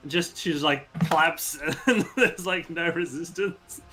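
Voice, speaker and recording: A lively man narrating as game master of a tabletop role-play. His voice is bright and he laughs easily along the way. Faint music plays underneath. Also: on the high side, slow pace, few pauses.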